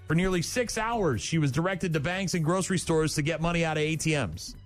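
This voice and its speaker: Morning radio host, male, slightly high, blunt and scornful, over a quiet music bed. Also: a little fast, few pauses. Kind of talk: morning radio banter, reading news.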